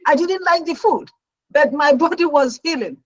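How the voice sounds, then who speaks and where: A middle-aged woman, a registered nurse, telling her own story as a talk show guest with lively, dramatic delivery. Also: high voice, normal speed, no room sound, muffled recording. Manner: animated storyteller who acts out her own past reactions.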